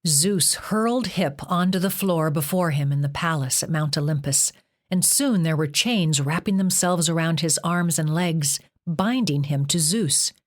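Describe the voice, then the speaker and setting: A woman narrating a novel as an audiobook in a measured reading. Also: low-pitched. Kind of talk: scripted narration.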